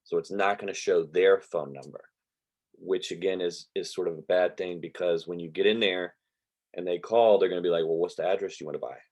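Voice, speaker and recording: Guy with a real low voice, laid back, rambling through an online class on a computer mic. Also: moderate pace. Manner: relaxed, rambling, drawls with y'all. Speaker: real estate investing teacher. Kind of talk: casual online class lecture. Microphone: computer mic on a video call.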